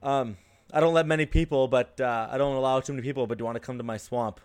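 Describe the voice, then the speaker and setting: A man's voice: medium pitch, steady tone, quick pace, clear, resonant tone, no room sound. A man on a podcast, earnestly explaining his jokes in casual banter. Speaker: podcast co-host.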